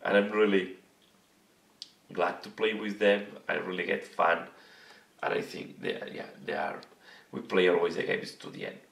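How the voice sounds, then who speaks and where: Hoarse man with a gravelly voice. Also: deep voice, steady tone, normal speed, long pauses, fairly bright tone. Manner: earnest, searching for words. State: losing his voice, hoarse. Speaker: hobby channel host. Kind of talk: casual vlog talk to camera. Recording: echoey room, mic at a distance.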